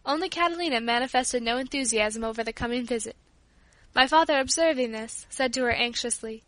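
A woman reading a storybook aloud in a clear, even storytelling manner. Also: on the high side, brisk, dry recording. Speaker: audiobook reader. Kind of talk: scripted narration.

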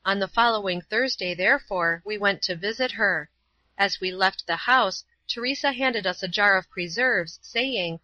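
A woman narrating a storybook in a steady, clear reading voice. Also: mid-range voice, normal speed, no room sound. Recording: dull, dry lo-fi recording.

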